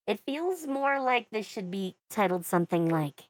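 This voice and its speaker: A woman's voice: medium pitch, very animated, takes it slowly, long pauses, no room sound. A woman streamer giving casual commentary while reacting to songs, thinking aloud in a musing way. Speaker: VTuber reacting to music.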